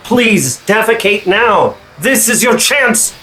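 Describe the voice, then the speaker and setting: A man voicing a frantic male guru who shrieks high-pitched commands. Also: expressive, slow pace, pushed and bright, faint music behind, exaggerated voice. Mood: frantic urging. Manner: screeching, commanding. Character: shrill frantic male guru shouting at Reginald.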